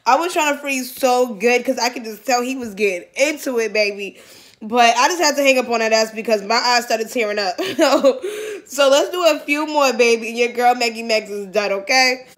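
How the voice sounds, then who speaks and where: A young woman from Massachusetts talks loosely to her followers on a phone held at arm's length. Her voice sits a little high, and her chat is full of slang, swearing and giggles. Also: a little fast, fairly bright tone. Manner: giggly, slangy, profane, talks straight to viewers. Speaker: vlogger. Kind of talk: casual chat on a video chat app.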